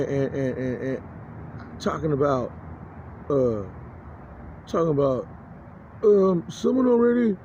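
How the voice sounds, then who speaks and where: A man giving a rambling, agitated personal monologue, cursing and stumbling through many restarts. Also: on the high side. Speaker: vlogger. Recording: dull lo-fi recording, faint noise.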